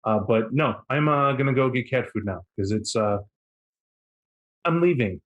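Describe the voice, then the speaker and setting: A man voicing an impatient, sharp-tongued young woman who talks curtly and demands things. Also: medium pitch, moderate pace, lo-fi sound, lightly acted. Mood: huffy. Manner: curt, demanding.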